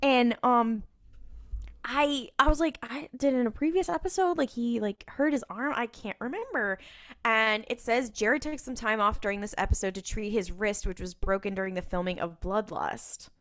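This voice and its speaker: A woman's voice: a little high, normal speed, fairly bright tone. A woman co-hosting a podcast, casually recapping an episode in a chatty way and acting out characters' lines. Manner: chatty storyteller who acts out lines. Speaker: podcast co-host.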